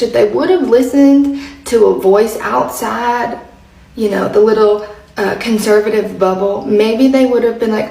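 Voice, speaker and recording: A woman's voice: fairly high pitch, normal speed, vocal fry, a little mellow, reverberant, distant mic, poor audio. A woman casually retelling a conversation, chatty, dropping to near whispers when she quotes someone. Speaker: political commentator. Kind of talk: casual storytelling monologue.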